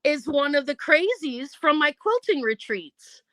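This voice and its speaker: Recorded dry at home, a woman with a high-pitched voice speaks a little slowly as she tells a long story on her channel's live stream. She's animated and performs each line of dialogue in character.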